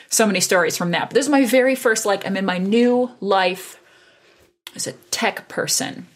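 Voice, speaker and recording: A woman in tech sales telling an animated story in casual conversation and acting out the dialogue. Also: mid-range voice, normal speed, slight background noise. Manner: animated, acts out quoted dialogue with laughs.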